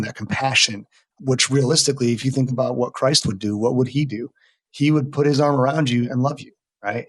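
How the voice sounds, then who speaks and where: Fast-talking earnest middle-aged man. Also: medium pitch, husky, no room sound. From United States. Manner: earnest, emphatic. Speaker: veteran mental health worker, interview guest. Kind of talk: casual conversational interview.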